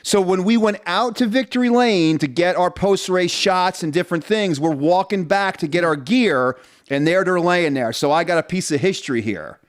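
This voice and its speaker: A man co-hosts a casual podcast from his home basement, telling rambling, joking stories in easygoing chat. His voice is high, at a normal speed.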